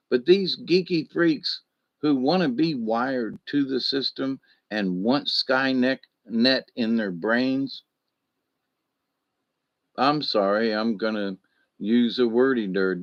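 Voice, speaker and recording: A man's voice: medium pitch, animated, takes it slowly, pauses often, no echo, lo-fi sound. A man hosting a casual solo live stream who rambles, swears freely, answers chat comments and acts out anecdotes with sound effects.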